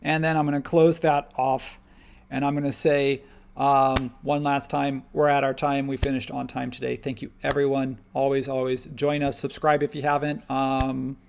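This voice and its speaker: A man hosting a live software tutorial, talking casually and upbeat, thinking aloud as he works. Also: medium pitch, flat delivery, moderate pace, vocal fry, slight background noise. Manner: rambling, upbeat, thinks aloud while working. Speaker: live stream host and modeling instructor.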